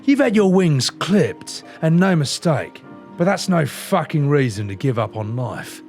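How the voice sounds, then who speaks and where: A man with an Australian accent voicing a crude, gruff old pirate boss in a low, growling voice full of insults. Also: very animated, measured pace, a little mellow, faint music behind.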